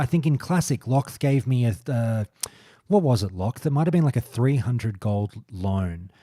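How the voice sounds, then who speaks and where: A man's voice: on the low side, mellow, dry recording, clean studio sound. A man in his forties hosting a podcast, rambling through a casual monologue in a blunt, profane way. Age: 40s. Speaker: podcast host.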